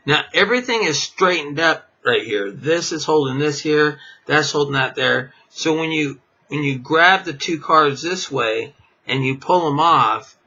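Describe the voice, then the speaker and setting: A man's voice: a little high, lively intonation, a little slow, sharp tone. A man teaching a card trick in a casual, rambling way, full of fillers and chuckling at himself. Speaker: magic teacher. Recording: dull lo-fi camera audio.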